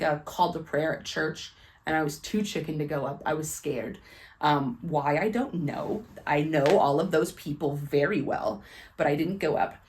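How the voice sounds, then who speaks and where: A young woman with a low, deep-set voice tells a personal testimony straight to camera. She talks in a chatty, candid way, with lots of "like" and "um." She stays earnest and emotional, as if holding back tears. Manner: chatty and candid, heavy use of "like" and "um". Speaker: faith and book vlogger.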